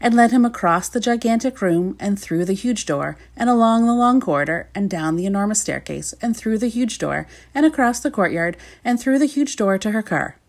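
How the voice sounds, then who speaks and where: A woman reads a children's storybook aloud at a middle pitch, her voice rising and falling in a lively, sing-song lilt. The delivery is expressive and measured. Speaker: storybook reader.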